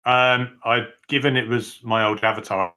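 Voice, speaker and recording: A man's voice: mid-range voice, level tone, normal speed, sharp tone. A man chatting casually on a podcast panel, wry and joking in a laid-back way. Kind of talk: casual group chat.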